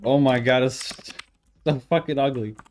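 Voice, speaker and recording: Over keyboard clatter and faint background music, a man codes on stream in a casual talk-aloud session, muttering, cursing and grumbling in frustration. He speaks at a moderate pace in a medium-pitched, darkish voice with a steady tone and a little hiss or hum.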